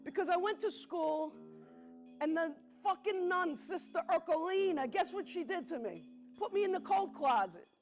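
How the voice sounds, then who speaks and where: High-voiced woman telling stories on stage. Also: lively intonation, a little mellow, soft background music. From the Bronx, New York. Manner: conversational, talks directly to the audience, slows for emphasis. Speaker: solo stage performer. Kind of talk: theatrical storytelling to a live audience. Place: theatre stage.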